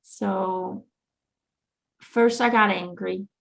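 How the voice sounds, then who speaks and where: Gravelly-voiced woman, earnest and reflective. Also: medium pitch, fairly even intonation, very slow. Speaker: host. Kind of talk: casual heartfelt chat.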